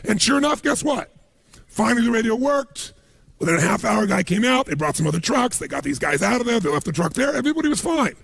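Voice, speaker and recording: Gravelly, raspy-voiced motivational speaker man. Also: high voice, quick pace, no echo. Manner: animated storytelling, acts out quoted voices. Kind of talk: motivational seminar talk.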